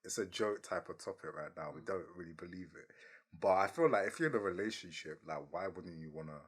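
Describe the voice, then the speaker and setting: A man's voice: low voice, fast talker, slightly rough. A young man, hosting a casual podcast chat, laid-back, laughing often and repeating himself. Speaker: podcast host.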